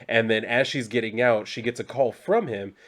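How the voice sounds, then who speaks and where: Man, mid pitch, recapping a comic casually with loose rambling and swearing. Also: normal speed, fairly bright tone. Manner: rambling, profane, heavy on "like". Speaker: comic book reviewer.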